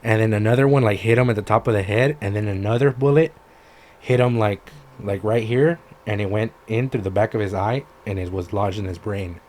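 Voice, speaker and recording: A man with a fairly low voice retells a story on a casual podcast, animated and loose, cursing freely. A faint hum of room sound sits under his voice. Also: brisk. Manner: animated retelling, swears freely, acts out quotes. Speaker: podcast co-host.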